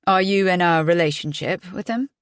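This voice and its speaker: A woman voicing a patient, probing male police detective with measured, pointed questions. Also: on the low side, no echo, studio quality, natural voice. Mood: pressing.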